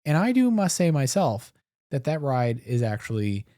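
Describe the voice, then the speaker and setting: Male co-host, casual and explanatory, lively pitch, very dry sound. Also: normal speed, no room sound. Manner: chatty, explains park details step by step. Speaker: podcast co-host. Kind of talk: casual chat.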